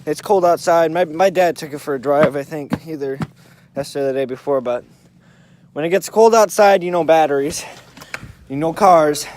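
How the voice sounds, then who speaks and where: A young man filming a casual car vlog outdoors in the cold, talking in a rambling, offhand way. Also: on the high side. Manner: rambling, offhand, fills pauses. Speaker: car video maker. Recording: loud outdoor engine noise. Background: idling engine noise.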